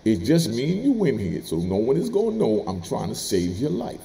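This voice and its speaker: Animated streetwise man, gravelly voice. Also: mid-range voice, fairly quick, slight background noise. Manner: animated, streetwise, laughs while telling. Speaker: former prisoner telling stories. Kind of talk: casual storytelling monologue.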